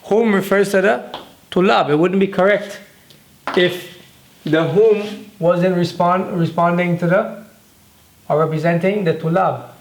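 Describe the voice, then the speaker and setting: A man's voice: high voice, steady tone, a little slow, long pauses. A man teaching a grammar lesson in a patient way, often repeating words and checking in with "okay?". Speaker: Arabic teacher. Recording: echoey room.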